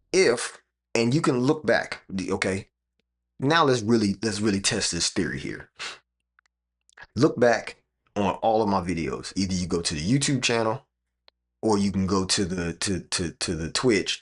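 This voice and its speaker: A man's voice: on the low side, lively intonation, moderate pace, pauses often, husky. A man streaming live from a room with his computers, talking straight to viewers in an emphatic, repetitive way. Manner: emphatic, repeats phrases, talks straight to chat.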